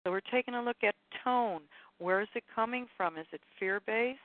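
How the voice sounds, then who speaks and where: A woman's voice: fairly high pitch, normal speed, no room sound, phone-quality sound. A woman leading a spiritual teaching session over a group call, talking in a meandering, chatty way and often correcting herself. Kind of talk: live spiritual teaching talk to callers.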